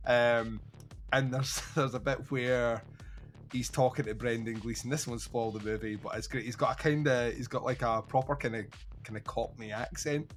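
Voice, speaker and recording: A man hosting a film podcast, chatting casually, swearing and acting out film scenes. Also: medium pitch. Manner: swearing, animated, acts out scenes. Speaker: podcast host.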